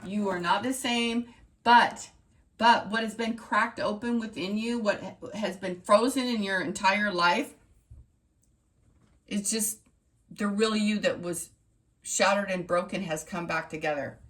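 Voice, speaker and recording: A woman's voice: medium pitch, unhurried, fairly bright tone. A woman running a tarot reading channel, talking straight to her viewers in an emphatic, repetitive pep-talk style. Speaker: tarot reader.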